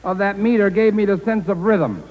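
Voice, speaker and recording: A man playing a gruff, blunt bandleader who mangles words in a 1940s radio comedy. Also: sits high, animated, moderate pace, phone-quality sound, noisy background. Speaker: guest bandleader. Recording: old broadcast with hall reverb.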